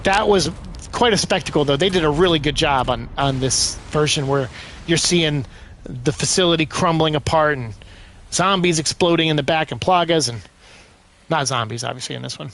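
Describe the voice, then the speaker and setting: A man giving casual let's-play commentary, exclaiming loudly as he plays. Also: fairly high pitch, moderate pace. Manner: excitable, loud bursts of exclaiming while playing. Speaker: gaming streamer.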